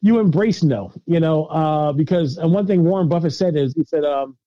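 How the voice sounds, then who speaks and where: Middle-aged male interview guest, higher pitch, animated and laughing, lo-fi dry recording. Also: normal speed, dry recording. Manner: animated, repeats words while thinking, laughs often. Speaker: guest filmmaker. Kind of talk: casual interview answers. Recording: dull lo-fi dry sound.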